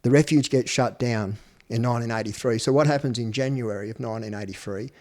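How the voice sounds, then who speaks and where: Australian man, 50s, podcast guest; blunt, salty storyteller at a middle pitch. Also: fast, a little mellow. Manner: blunt, swears freely, acts out quoted speech. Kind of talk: personal storytelling interview.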